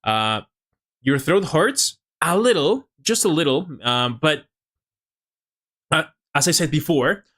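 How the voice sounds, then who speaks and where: A man's voice: on the high side, expressive, slow pace, pauses often, fairly bright tone. A young Mexican man, a native Spanish speaker, chatting casually on a live stream in English with an American-leaning accent, slightly nasal, laughing often and restarting his sentences. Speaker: language-learning streamer.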